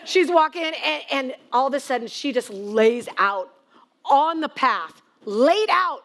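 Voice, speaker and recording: A woman's voice: sits high, expressive, a little slow, fairly bright tone. A woman guest pastor giving a sermon, telling a story in a chatty, self-mocking way.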